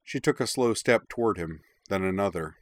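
A man narrating a story in a measured, expressive reading. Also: deep voice, dry recording. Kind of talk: audiobook narration of fan fiction.

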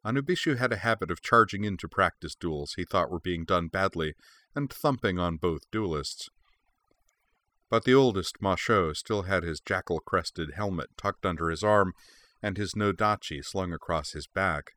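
A man narrating a fan fiction story in a steady, clear storytelling manner. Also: low-pitched, normal speed. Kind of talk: audiobook reading of fan fiction.

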